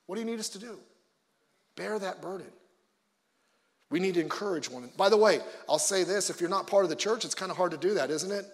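A male pastor preaching a conversational sermon with joking asides, swinging between loud emphasis and quiet low remarks. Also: a little fast, big-room sound.

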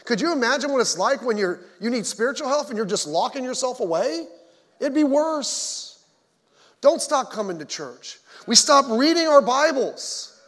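A man's voice: very high voice, very animated, normal speed, a bit bright. A man preaching a conversational sermon as pastor, folksy, with joking asides to the congregation. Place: church sanctuary. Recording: long hall reverb.

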